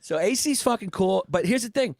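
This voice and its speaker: A man co-hosting a podcast, musing in a relaxed, crude way. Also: high voice, gravelly, no room sound, studio quality. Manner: crude, laid-back, drawn-out musing. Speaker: podcast co-host. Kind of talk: casual chat.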